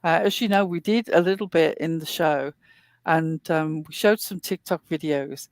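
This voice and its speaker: A woman's voice: deep voice, moderate pace, no room sound, studio quality. A woman hosting a casual online talk show, chatting at length in a rambling way with plenty of fillers. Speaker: host. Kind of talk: casual podcast chat.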